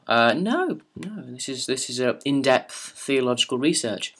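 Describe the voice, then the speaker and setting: A man's voice: medium pitch, big pitch swings, unhurried, hardly any pauses, fairly bright tone, husky. Sweary young man rambling. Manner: rambling, sweary and sarcastic, with frequent restarts. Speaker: vlogger. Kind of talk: casual storytelling and viewer Q&A.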